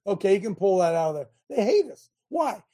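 A male talk show host who preaches more than he chats, putting rhetorical questions to his listeners and mocking what he opposes. His voice is husky and breathy, and his pitch leaps up and down as he drives each point home. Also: fairly quick. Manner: animated, sermonizing, mocking, asks the audience questions.

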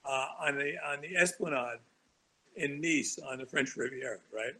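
On a talk show, a male author guest tells long, rambling anecdotes, often restarting and chuckling as he goes. His medium-pitched voice is bright and forceful at a moderate pace, and the recording is rough.

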